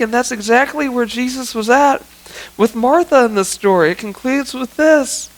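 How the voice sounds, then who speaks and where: A man's voice: extremely high pitch, moderate pace, low-quality recording. A male pastor preaching a sermon in a church, in an earnest, conversational way that often leans on "I mean" and "you know what.". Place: church sanctuary.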